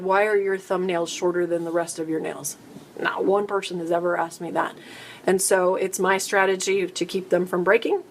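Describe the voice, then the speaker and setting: A woman's voice: on the low side, slight background noise. Chatty woman hosting a live stream. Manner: chatty, rambling, self-interrupting. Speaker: host answering viewer questions. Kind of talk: casual live-stream chat.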